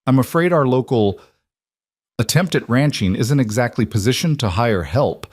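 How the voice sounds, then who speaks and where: A man's voice: medium pitch, expressive, normal speed, a little mellow, no room sound, studio quality, pitched above the performer's own voice, natural voice. A man voicing a haughty older society woman who sneers with false sympathy. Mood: scornful.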